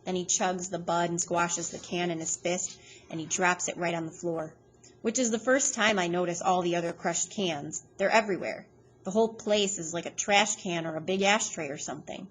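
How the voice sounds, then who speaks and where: A woman reading a novel aloud in a steady, plain storytelling manner. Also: fairly low pitch, normal speed, slight background noise. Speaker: reader.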